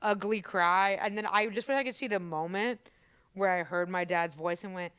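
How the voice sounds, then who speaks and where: Soft-spoken woman comic guest, very smooth tone, close and dry sound, chatty with fillers. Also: medium pitch, normal speed, no echo. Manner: chatty, many fillers and restarts. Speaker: musical comedian guest. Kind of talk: casual podcast conversation. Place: comedy club.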